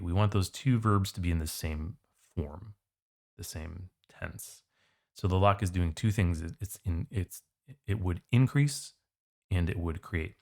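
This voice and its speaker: Low-voiced man explaining test questions. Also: creaky, a little mellow. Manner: casual, conversational explaining. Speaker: SAT tutor. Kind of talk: test prep walkthrough.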